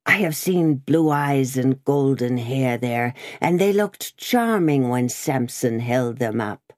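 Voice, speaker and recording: A woman reading aloud, voicing a cruel male revolutionary juror with a croaking voice and slow, relishing delivery. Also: extremely low pitch, expressive, a little mellow, dry recording, clean studio sound, full character voice. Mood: gloating.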